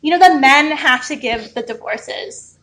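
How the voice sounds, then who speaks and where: A woman's voice: high voice, a little slow, crowd noise, low-quality recording. A woman guest on a casual podcast, explaining things in a teasing, lecturing tone. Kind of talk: casual chat.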